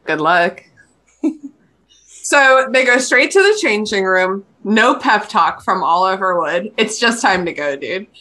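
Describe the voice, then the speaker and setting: A woman's voice: medium pitch, expressive, a little slow, pushed and bright. A woman co-hosting a podcast in casual chat, rambling with fillers and laughing at herself. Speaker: podcast co-host.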